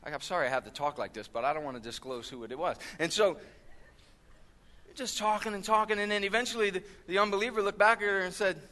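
A man's voice: high voice, fast, sharp tone. A man preaching a sermon to his church in a conversational way, full of asides and rhetorical questions. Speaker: pastor.

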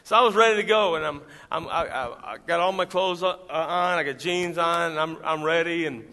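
A man preaching a sermon and telling his own story, swinging from loud climbs down to quiet storytelling. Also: a little high, brisk. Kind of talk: sermon testimony. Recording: hall reverb.

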